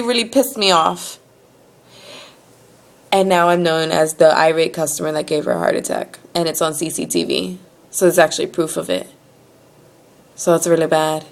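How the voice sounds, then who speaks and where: A young woman vents straight to camera, recounting her story in an animated, indignant rush. She swears freely and pushes her voice up as her anger builds, with a medium pitch for her. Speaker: vlogger.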